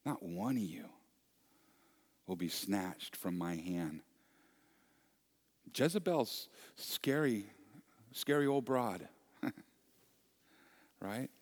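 A man preaching a sermon as pastor, earnest and repetitive, moving between soft near-whispers and loud emphasis. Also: lowish voice, animated, drawn-out words, long pauses.

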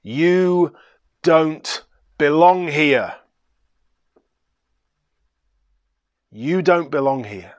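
A man voicing a young bridegroom who speaks in a strong, commanding voice that turns gentle. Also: on the high side, lively intonation, very slow, no room sound, highs cut off, pitched above the performer's own voice. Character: young bridegroom, firm then forgiving.

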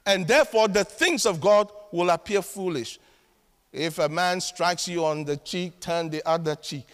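A male pastor preaching a sermon, emphatic, with sudden loud outbursts and dry asides. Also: sits high, unhurried. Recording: long reverb of a large hall.

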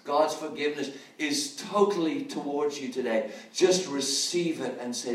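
A man's voice: a little high, measured pace, few pauses, distant mic. A man preaching an evangelistic sermon, earnest and pleading, leading listeners in prayers he speaks aloud. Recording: roomy, from off-mic.

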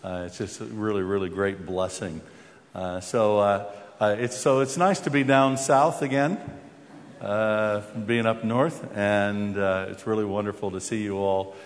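An American man preaching a sermon as a visiting speaker, with halting restarts and wry humor before a scripture reading. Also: lowish voice, steady tone. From United States. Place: church. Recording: long hall reverb.

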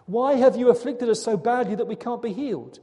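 Anguished prophet, pleading and raw, high and mellow, a man acting him out in a sermon. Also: moderate pace, close to an everyday voice. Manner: pleading, rising questions. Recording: long hall reverb.

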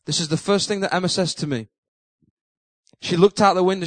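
A man's voice: high-pitched, brisk, long pauses, no room sound, poor audio. A middle-aged man preaching, telling a funny story and acting out his own panic. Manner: animated, self-mocking storyteller who acts out his own panic. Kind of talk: sermon storytelling.

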